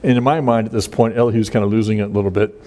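A man's voice: fairly low pitch, steady tone, rapid-fire, warm tone. A man teaching through a Bible passage verse by verse in a plain conversational way, with frequent fillers and restarts.

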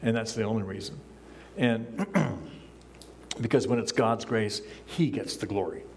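An older man, a pastor, preaching a sermon from a church pulpit in a relaxed, conversational way, chuckling often and acting out the lines he quotes. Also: on the low side, measured pace, a little hiss or hum. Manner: acts out quoted lines in a raised voice.

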